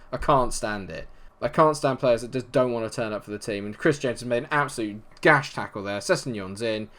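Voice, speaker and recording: A man giving a blunt, sweary running commentary while playing a football management game. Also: medium pitch. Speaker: video game player. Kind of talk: let's play commentary.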